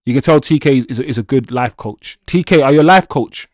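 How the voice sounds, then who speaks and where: A man's voice: medium pitch, brisk, no room sound, studio quality. A man hosting a football livestream, chatting casually and playfully with his viewers and reading their comments aloud. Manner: animated, playful, addresses chat directly. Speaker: football channel host reading chat.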